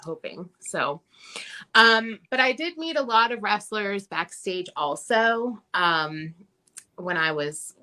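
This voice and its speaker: A woman guest telling family stories in a casual interview, chatty with many pauses and fillers. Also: mid-range voice. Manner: chatty, many ums, animated when quoting.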